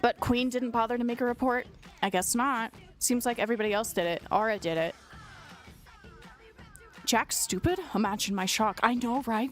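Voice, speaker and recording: A woman's voice: fairly high pitch, normal speed, soft background music. A congested young woman streamer who reads a document aloud in casual commentary, blunt, profane and sarcastic.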